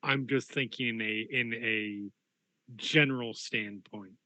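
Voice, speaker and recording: A man's voice: mid-range voice, steady tone, slow pace, pushed and bright, no room sound, poor audio. A man voicing a courteous outsider vampire who addresses a prince formally and somewhat hesitantly in a tabletop game. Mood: deferential. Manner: polite, formal, a bit hesitant.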